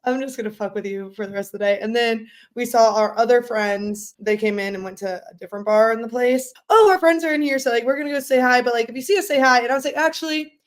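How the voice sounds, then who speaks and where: Loud, chatty young woman with a slightly high voice, for a casual podcast. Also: quick pace, hardly any pauses. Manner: loud, animated storyteller who laughs often. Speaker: podcast co-host. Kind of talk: casual chat.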